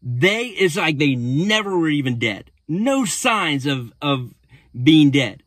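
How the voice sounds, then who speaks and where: A man's voice: fairly high pitch, big pitch swings, slow, a bit bright, no room sound. A man, a pastor, recapping a sermon in a casual storytelling way with frequent restarts.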